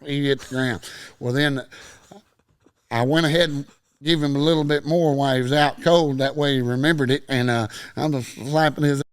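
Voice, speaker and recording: A man's voice: mid-range voice, steady tone, normal speed, smooth, no room sound. A middle-aged man with a Texan accent, a podcast guest telling a long story in casual chat and acting out every quoted line.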